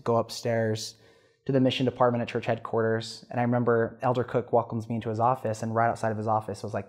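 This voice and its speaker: Man, thirties, podcast guest, earnest animated storytelling, medium-pitched voice. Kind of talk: personal storytelling interview.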